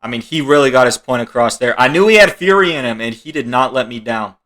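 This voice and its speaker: A man riffs through a comedic reaction commentary on online videos. His voice is bright and forward, and he jokes, laughs and swears casually as he tries to explain what is going on. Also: mid-range voice, lively intonation, fast.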